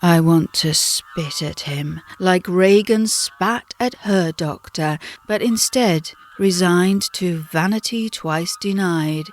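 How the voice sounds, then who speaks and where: A British woman narrating her own memoir as an audiobook, telling it slowly and dramatically. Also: on the low side. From Britain. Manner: slow, dramatic storytelling.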